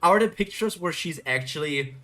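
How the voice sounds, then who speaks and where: A man's voice: a little high, animated, normal speed, sharp tone, faint music behind. Chatty young man musing aloud. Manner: musing, chatty, filler-heavy. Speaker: reaction video host. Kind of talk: live webtoon reading reaction.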